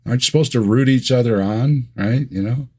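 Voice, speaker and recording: A man's voice: medium pitch, a little fast, a little mellow, breathy edge. A man talking as a guest in a casual chat. He is easygoing with dry humor and often repeats words as he starts a thought.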